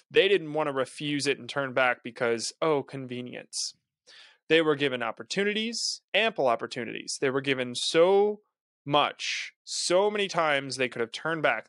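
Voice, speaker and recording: A man's voice: a little high, a bit bright, no echo, clean studio sound. A young man hosting a podcast, reading a Bible passage aloud and breaking off into earnest, casual commentary. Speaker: podcast host.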